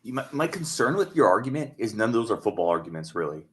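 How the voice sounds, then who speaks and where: A man hosting a sports podcast, weighing up arguments in a measured, analytical way. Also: lowish voice, sing-song. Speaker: podcast host.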